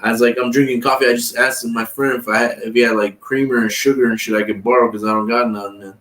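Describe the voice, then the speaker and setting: Talking at a quick pace in a fairly bright, medium-pitched voice with fairly even intonation, a man rambles through long, profane stories on a livestream. He acts out what others said in this casual storytelling. The recording sounds distant in an echoey room.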